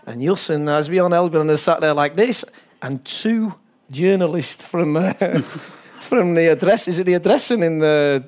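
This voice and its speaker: An older man from England tells anecdotes as an interview guest, laughing often and slipping into the voices of the people in his stories. His voice sits a little high for a man. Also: measured pace. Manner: animated storyteller, laughs often, acts out voices. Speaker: football coach. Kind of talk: talk-show interview.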